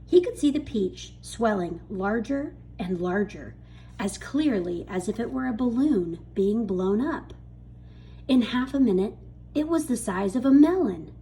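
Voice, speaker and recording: Brief: woman reader, unhurried, animated pitch, bedtime-story delivery. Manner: lively, expressive storytelling. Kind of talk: reading a children's book aloud.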